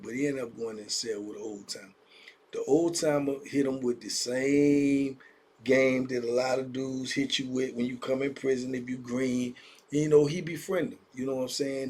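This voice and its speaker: A man's voice: medium pitch, darkish tone, breathy edge. A man telling prison stories in a casual, conversational way, speaking directly to young listeners. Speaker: storyteller. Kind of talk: casual storytelling vlog.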